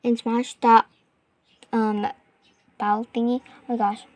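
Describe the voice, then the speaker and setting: A young woman casually narrating her gameplay, rambling with lots of fillers and excited gasps. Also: a little high, takes it slowly. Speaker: gaming vlogger. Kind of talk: casual game commentary.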